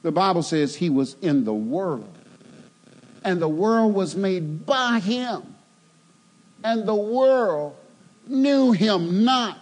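A male preacher delivering a sermon, building from steady exposition to loud, emphatic, fervent peaks. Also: high-pitched, slow, pauses often.

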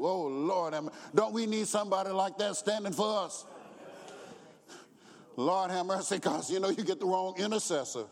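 A man preaching a sermon as a pastor, building from talk to shouted appeals and acting out scripture voices. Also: high-pitched, measured pace, long reverb tail. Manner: rising to shouted preaching, acts out quotes, chuckles.

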